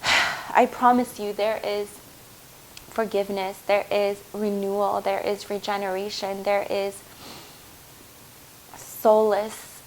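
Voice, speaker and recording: A woman's voice: medium pitch, a little hiss or hum, poor audio. A woman giving a heartfelt spiritual tarot reading, earnest and reassuring, speaking to viewers as her loves. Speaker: tarot reader.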